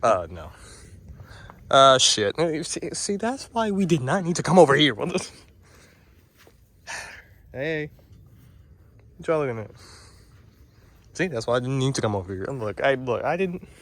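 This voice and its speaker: A man's voice: medium pitch, very animated, measured pace, long pauses, a bit bright. A man in a casual vlog, chatting and teasing the animals as he walks around an outdoor farm with a handheld camera. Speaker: vlogger. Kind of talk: casual vlog chat while walking. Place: outdoors at a farm or petting zoo.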